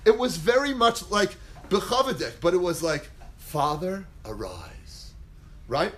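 A man with a very high voice delivers an animated Torah lecture. He acts out quotes dramatically, jumping between loud bursts and near-whispers. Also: moderate pace. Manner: dramatic, acts out quotes, big swings in pitch and volume. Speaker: rabbi teaching a class.

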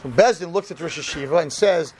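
A man's voice: a little high, fairly quick, a little hiss or hum. A man, a rabbi, giving a humorous storytelling sermon to a room of yeshiva students and acting out the dialogue with animation. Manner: animated, acts out quoted dialogue. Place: room in front of an audience of students.

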